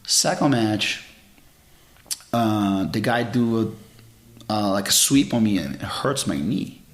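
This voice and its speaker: A man in his forties tells stories from his fighting life in a fairly low voice, earnest and expressive. His English has non-native phrasing. The room is roomy and echoey. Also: slow pace. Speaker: jiu-jitsu champion and guest. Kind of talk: casual storytelling interview. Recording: roomy echo.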